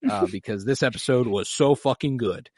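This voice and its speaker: Recapping a TV episode on a podcast he co-hosts, a man keeps things casual, swears a lot, and dramatizes scenes with animated emotion. He has a medium-pitched voice at a moderate pace, and the studio-quality recording has no echo.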